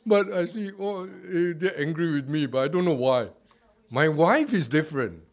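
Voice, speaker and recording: Male pastor, higher-pitched, conversational sermon delivery, laughs at himself, volume swings between emphasis and soft asides. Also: animated, normal speed. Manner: conversational, frequent "all right?" and "you know", laughs at himself.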